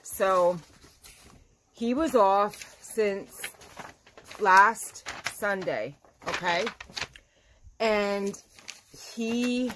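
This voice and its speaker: A woman crochet vlogger chatting casually to her viewers, telling an animated story. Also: mid-range voice, drawn-out words, long pauses, slight background noise. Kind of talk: casual chat to camera.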